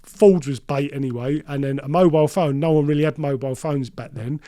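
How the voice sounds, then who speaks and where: A man's voice: a little high, a little fast, warm tone. A middle-aged man, telling his life story as an interview guest, with restarts and acted-out quoted voices. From London.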